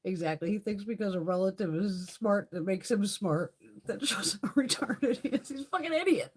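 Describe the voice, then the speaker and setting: A middle-aged woman hosting a live chat, ranting in a heated, profane, animated way. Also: medium pitch, normal speed, slightly rough. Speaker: live stream host. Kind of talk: casual live chat rant.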